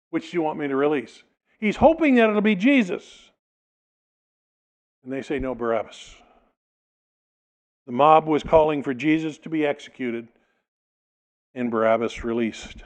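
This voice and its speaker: Preaching man, slightly higher voice. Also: rough recording. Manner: expository preaching, reads scripture then explains it, dramatizes quotes. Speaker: pastor. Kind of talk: sermon.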